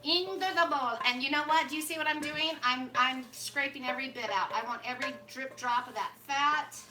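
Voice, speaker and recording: Woman, cooking vlog host, bubbly and chatty, slightly high voice, pan sizzling loud in the kitchen behind. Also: steady tone, a little fast, a little hiss or hum, rough recording. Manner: chatty, bubbly, talks to viewers while cooking. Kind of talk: casual cooking demonstration. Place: home kitchen. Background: frying and sizzling food.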